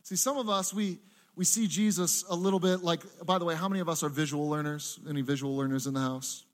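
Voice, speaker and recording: A man preaching a sermon in a church, animated and acting out the voices he quotes. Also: a little high, fast talker. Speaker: pastor.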